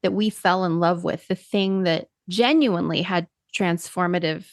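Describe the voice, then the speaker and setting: A woman's voice: on the low side, moderate pace, no room sound, clean studio sound. A woman hosting a podcast, speaking in a reflective, affirming way in casual chat. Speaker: podcast host.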